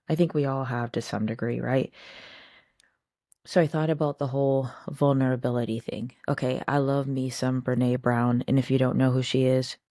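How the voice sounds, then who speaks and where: A woman with a strikingly deep, mellow, warm voice hosts a casual, personal talk to camera, chatting reflectively with her viewers and repeatedly asking them rhetorical questions. The recording is close and dry, with no room sound or echo.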